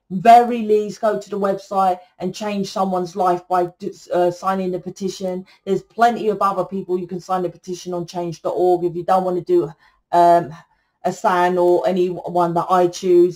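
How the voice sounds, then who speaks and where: A woman's voice: mid-range voice, mellow. A British woman tarot reader talking to camera in a blunt, ranting, freely swearing monologue.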